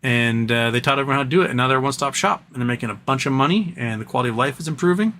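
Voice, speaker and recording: A man hosting a livestream, telling stories in a casual, animated way and putting on mock voices for the people he quotes. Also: medium pitch, very fast, a little hiss or hum. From United States. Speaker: livestream host.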